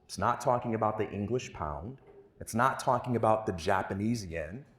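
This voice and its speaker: On a stage mic in a hall, a man delivers a storytelling keynote at a conference, animated as he tells his story. His voice is on the low side at normal speed, and the recording has a roomy hall echo.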